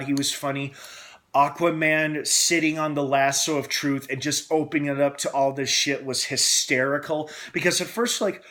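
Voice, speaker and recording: A young man hosting a casual film review, excitable and gushing, acting out scenes as he retells them. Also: mid-range voice.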